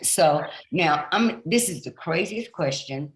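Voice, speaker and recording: A woman's voice: low voice, animated, slow pace, reverberant, rough recording. A woman hosting a podcast as a pastor, speaking in an earnest, chatty way and poking fun at herself in a casual interview.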